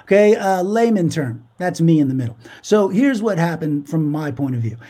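Animated, cursing podcast co-host man. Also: a little high, normal speed. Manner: animated, profane, storytelling. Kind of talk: casual chat.

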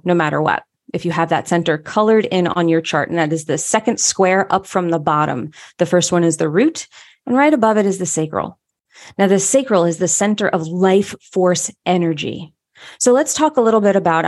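A woman's voice: fairly low pitch, a little mellow. A woman giving a motivational teaching talk, upbeat and emphatic, repeating phrases for stress. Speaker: human design teacher.

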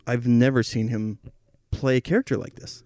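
A man's voice: medium pitch, fairly even intonation, moderate pace, mellow, dry recording, studio quality. A young man co-hosting a casual comedy chat, enthusiastic, making crude jokes and swearing. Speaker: podcast co-host.

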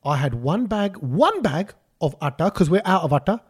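A man co-hosting a casual podcast, telling stories in an animated way and slipping into playful voices. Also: sits high, moderate pace, slightly rough. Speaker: podcast co-host. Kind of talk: casual chat.

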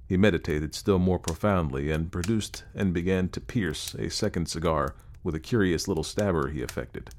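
A man narrating a classic story as an audiobook, in a measured storytelling manner. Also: low voice, a little mellow, slight background noise.

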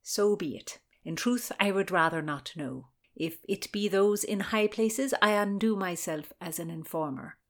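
A woman reading an audiobook, voicing a stern, cynical older noblewoman who speaks with a sharp edge. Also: mid-range voice, unhurried, few pauses, close to an everyday voice. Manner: sharp-edged, cold.

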